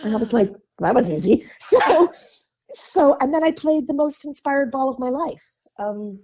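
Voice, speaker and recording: A woman from Chicago with a Midwestern accent, a guest on a podcast, telling chatty and animated stories, laughing often and acting out the voices of people she quotes. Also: high voice, measured pace, slightly rough. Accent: Midwestern American. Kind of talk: casual interview storytelling.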